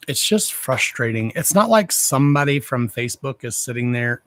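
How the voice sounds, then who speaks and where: A man's voice: medium pitch, very animated, unhurried, fairly bright tone, dry recording. Guy ranting on a livestream, cussing a lot but sweet to his fans, talking into a phone or webcam. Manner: blunt, profane, affectionate toward viewers. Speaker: livestream host. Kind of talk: casual livestream chat.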